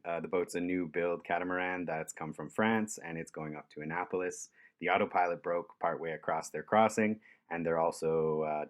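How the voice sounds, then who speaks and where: A man tells a story in a deep, low voice. He is relaxed and chuckles often, and his speech is full of easy fillers. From Canada. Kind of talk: casual storytelling.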